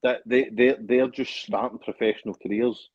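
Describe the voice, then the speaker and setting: A man's voice: medium pitch, fairly even intonation, moderate pace, husky, no room sound, muffled recording. A Scottish man, a fighter being interviewed, talking in a boastful, joking way and swearing a lot. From Scotland. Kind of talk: casual interview chat.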